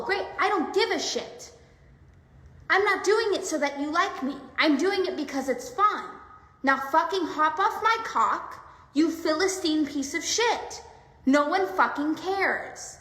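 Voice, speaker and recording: A woman's voice: very high voice, a bit bright. A woman musician ranting angrily and profanely in a posted video, in an echoey room. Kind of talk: angry rant in a posted video. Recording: echoey room with long reverb.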